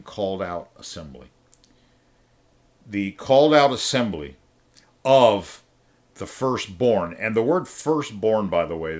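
Male preacher with a lowish voice, teaching through scripture in a patient, explanatory sermon manner. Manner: explanatory, asks listeners to turn pages, checks in with "all right?". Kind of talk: expository Bible teaching.

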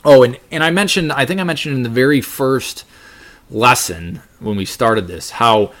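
Scripture is read aloud and then talked through by a man teaching Bible study, who stumbles into frequent restarts and fillers. He has a mid-range, slightly bright voice at normal speed.

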